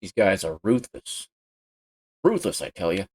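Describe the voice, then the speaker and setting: A man chats excitedly through a live stream of a racing game from his home gaming setup, yelping loudly and cursing whenever he crashes. His voice is low, unhurried and slightly rough, and the audio quality is poor.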